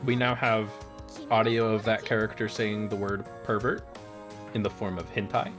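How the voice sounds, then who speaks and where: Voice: medium pitch, level tone, moderate pace, a bit bright, faint music behind. A streamer playing a story game, reading the dialogue aloud with a playful, jokey manner and switching into character voices. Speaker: let's play streamer.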